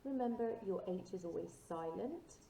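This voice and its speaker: A woman's voice: mid-range voice, expressive, moderate pace, creaky, mellow. A woman teacher giving a recorded language lesson, patiently modelling words for students to repeat. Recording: echoey room, distant mic, faint noise.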